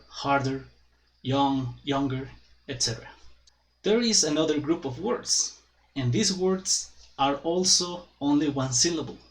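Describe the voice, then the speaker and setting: Man teaching English grammar slowly. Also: fairly high pitch, fairly bright tone, low-quality recording. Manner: careful, deliberate, spells out examples. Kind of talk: slow explanatory grammar lesson.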